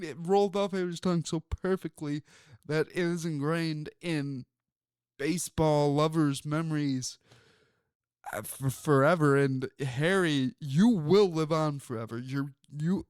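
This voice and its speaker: Brief: male sports talk host, unhurried rambling storyteller, fairly high voice. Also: darkish tone, clean tone, no echo, studio quality. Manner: rambling, storytelling, many fillers. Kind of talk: casual sports talk monologue.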